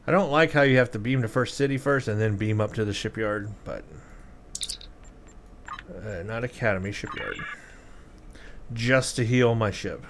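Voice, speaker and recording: A man's voice: fairly low pitch, expressive, normal speed, pauses often, a little hiss or hum. A man hosting a let's play, giving gameplay commentary in a self-deprecating, exasperated way.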